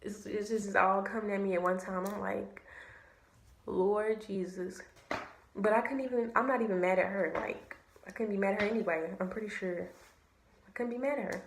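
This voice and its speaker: A young woman telling a story to camera, animated and slangy, swearing freely. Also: medium pitch, a little fast, a little hiss or hum. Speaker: vlogger. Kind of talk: casual storytime. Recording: echoey room.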